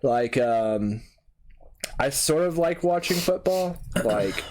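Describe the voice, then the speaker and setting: A man's voice: medium pitch, animated, slow pace, darkish tone, a little hiss or hum. A male podcast guest chatting casually, speaking in loose slang and swearing freely. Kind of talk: casual chat.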